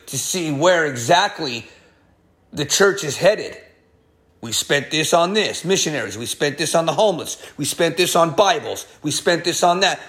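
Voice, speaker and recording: An upset male pastor in full sermon, his voice sitting high for a man. He scolds and hammers each point, jumping between quiet asides and loud, heated outbursts. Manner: heated, scolding, emphatic preaching with sudden swings of loudness. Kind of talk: fiery sermon.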